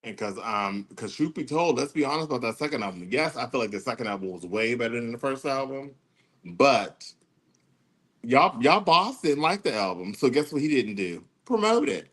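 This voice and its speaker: A man dishes opinions in a sassy, animated way. He slips into mocking impressions and sings snatches of tunes. His voice sits at an everyday middle pitch. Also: moderate pace. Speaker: podcast co-host. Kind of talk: casual commentary chat.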